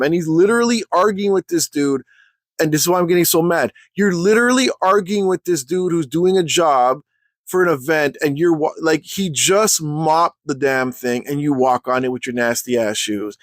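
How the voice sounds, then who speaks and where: A man telling a story in a casual rant for his vlog, heated and full of slang, clearly fed up. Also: on the high side, normal speed, no echo. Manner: heated, slangy, exasperated ranting.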